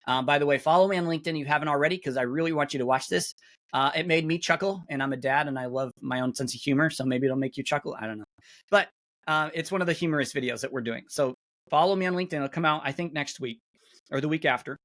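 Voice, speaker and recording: A middle-aged man, a webinar guest speaker, casually walking through software on a shared screen, chatty and full of fillers and restarts, talking into a computer mic on a video call. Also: on the high side, fast talker. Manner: chatty, self-interrupting, many fillers.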